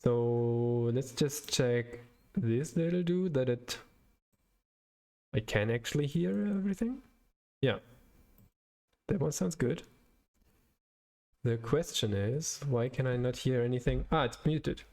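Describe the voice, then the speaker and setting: A man, a young adult, talks slowly and unhurriedly as he codes live for viewers, explaining each step while he works it out. He searches for words and corrects himself often, in a hesitant, thinking-aloud manner. His pitch sits in the ordinary middle range for a man. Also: a little mellow. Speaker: live-coding streamer.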